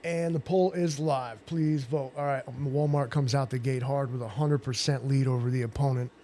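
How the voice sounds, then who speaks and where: A man's voice: medium pitch, fairly even intonation, moderate pace, mellow, slight background noise. A man hosting a casual livestream chat, rambling and joking with plenty of swearing. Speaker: livestream host.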